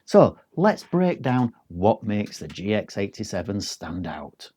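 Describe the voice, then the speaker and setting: A man's voice: on the low side, very animated, measured pace, noisy background. Chatty man reviewing gadgets. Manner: chatty, rambling, frequent ums. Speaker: tech reviewer. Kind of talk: casual product review.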